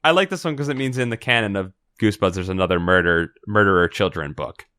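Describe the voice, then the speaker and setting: A man hosting, reading a gamebook aloud to friends in an animated, jokey way and acting out the quotes. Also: low-pitched, fast talker, no echo.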